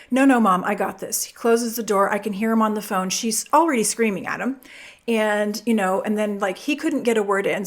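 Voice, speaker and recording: Brief: middle-aged woman, fairly high voice, lively podcast host with acted-out quotes. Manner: animated storytelling, acts out quoted voices. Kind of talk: podcast monologue giving relationship advice.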